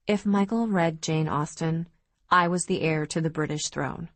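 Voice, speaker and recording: This audiobook narrator reads a first-person novel with steady, even storytelling at a moderate pace. Her lower-pitched voice is captured dry and close, without any room sound.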